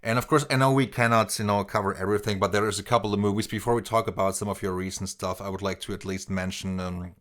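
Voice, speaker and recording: A male interview host with a low, deep voice. He speaks in a measured, appreciative way as he reacts to his guest's stories and moves the conversation on. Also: fairly even intonation, a bit bright.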